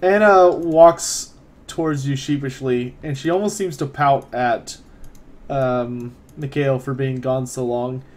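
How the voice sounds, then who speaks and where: A man's voice: medium pitch, fairly even intonation, slow. A man narrating as game master of a tabletop role-playing game, hesitant with frequent ums. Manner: hesitant, with many ums and laughs.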